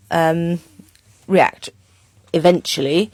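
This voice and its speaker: Brief: woman, horse trainer, gravelly low voice, dry close sound. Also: unhurried, no echo. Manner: relaxed and chatty, with many ums. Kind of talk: casual voice-over commentary on training footage.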